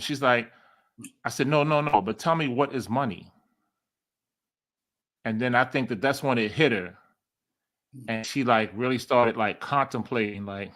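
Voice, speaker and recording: A man's voice: medium pitch, a little slow, pauses often. A man, telling a story as a podcast guest and acting out the quoted dialogue with laughs. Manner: animated, acts out quoted dialogue, laughs often.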